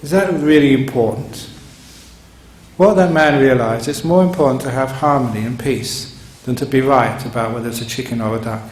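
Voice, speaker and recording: A man's voice: medium pitch, normal speed. A man, a monk, giving a sermon in a chuckling, digressive storytelling manner, recorded in a meditation hall. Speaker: monk giving a Dharma talk. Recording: roomy hall with faint hum.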